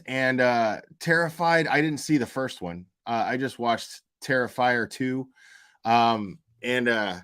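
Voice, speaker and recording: A man's voice: mid-range voice, a bit bright. A man hosting a commentary channel, talking casually and profanely, rambling and answering his chat.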